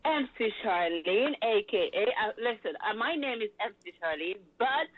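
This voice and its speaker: A woman's voice: fairly high pitch, expressive, normal speed. A confident, playful woman from Cameroon calls in as a guest. She laughs easily between lines. Her voice comes through a narrow, tinny phone line. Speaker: guest rapper. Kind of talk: call-in interview.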